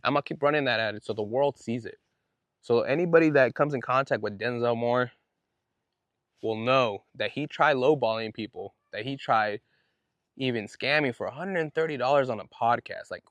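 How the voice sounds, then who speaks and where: A man's voice: mid-range voice, a bit bright, no room sound, lo-fi sound. A man hosting his own podcast, telling a story in an indignant, fired-up way with casual slang. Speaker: podcast host. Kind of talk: solo podcast monologue.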